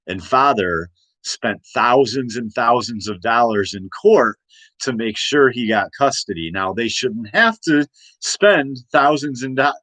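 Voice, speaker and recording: A man's voice: mid-range voice, animated, measured pace, pushed and bright, dry recording, rough recording. A man in his forties ranting in a late-night monologue, rambling and agitated with many restarts and repeated questions. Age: 40s. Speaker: host.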